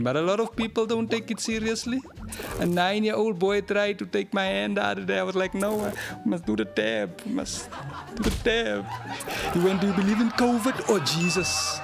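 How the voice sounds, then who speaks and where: A South African man performing stand-up, his voice sitting high with a gravelly, fry-laden edge. He lands his punchlines deadpan and pokes fun at himself. Clear music plays behind him. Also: normal speed. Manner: deadpan, self-mocking punchlines. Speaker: stand-up comedian. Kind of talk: stand-up comedy set.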